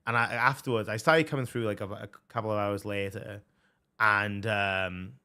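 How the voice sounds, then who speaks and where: Young guy streaming, low-ish voice, hyped, swears constantly, lots of likes and ums. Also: normal speed, clear, resonant tone. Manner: excitable, heavy swearing, lots of fillers. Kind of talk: casual chat.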